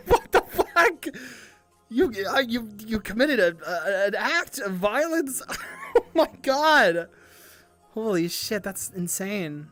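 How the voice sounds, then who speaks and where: A young woman streamer chatting casually with viewers, animated and giggly, swearing often and stumbling over restarts. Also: a little high, slow pace, faint music behind. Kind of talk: casual livestream chat.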